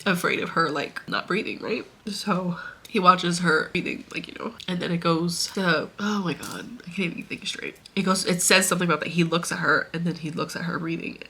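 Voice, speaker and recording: A woman's voice: lowish voice, brisk, bright, forceful tone, husky. A young woman vlogger casually retelling a story she read, rambling and getting emotional. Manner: emotional, tearful, laughing and sighing while retelling; rambling with many fillers. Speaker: book vlogger.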